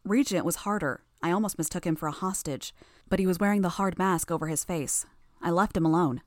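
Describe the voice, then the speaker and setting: Low-voiced woman narrating an audiobook. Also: fairly quick, no echo, clean studio sound. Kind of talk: first-person audiobook narration.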